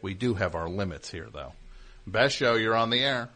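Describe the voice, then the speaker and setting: A man's voice: fairly low pitch, animated, sharp tone. A man hosting a call-in radio show, teasing callers and rambling through stories. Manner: teasing, rambling, quick back-and-forth. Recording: radio broadcast.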